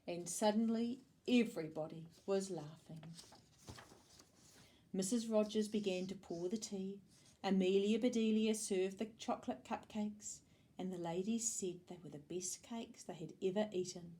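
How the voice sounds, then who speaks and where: A woman with a New Zealand accent reads a children's storybook aloud at a mid pitch. Her reading is expressive, with small slips she corrects on the fly. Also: moderate pace.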